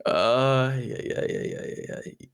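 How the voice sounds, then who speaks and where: A man co-hosting a podcast in casual chat, animated and joking, swearing casually. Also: mid-range voice, a little slow, smooth. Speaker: podcast co-host.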